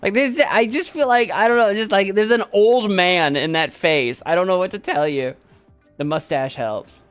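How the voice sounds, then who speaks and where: A man hosting a live stream, chatting casually in an animated, jokey and rambling way. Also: high-pitched, moderate pace, smooth, faint music behind. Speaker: streamer host.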